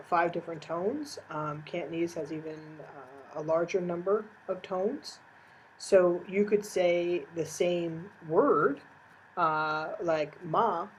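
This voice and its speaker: A woman's voice: lowish voice, a little mellow, a little hiss or hum, rough recording. A woman giving a recorded course lecture, explaining step by step with frequent "uh" fillers.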